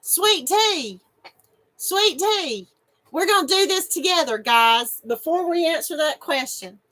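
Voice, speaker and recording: A woman's voice: extremely high pitch, animated, takes it slowly, sharp tone, poor audio. A middle-aged woman, hosting a casual live stream and chatting with viewers, giggly and emotional and laughing often. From North Carolina, USA.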